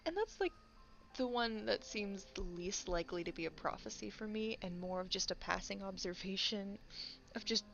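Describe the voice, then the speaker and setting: A woman's voice: medium pitch, fairly even intonation, vocal fry, a bit bright, a little hiss or hum. A woman chatting casually while she draws, rambling and laughing often as she talks. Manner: rambling, laughs often, acts out quick voices. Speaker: content creator. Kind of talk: casual chat while drawing. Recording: dull lo-fi mic with faint background music.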